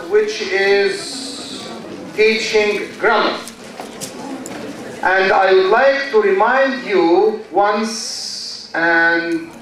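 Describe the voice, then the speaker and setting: A man with an Egyptian accent giving a university lecture, slow and deliberate, often quizzing his students with questions. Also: sits high, fairly bright tone. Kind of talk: classroom lecture. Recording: very echoey classroom, mic far from speaker.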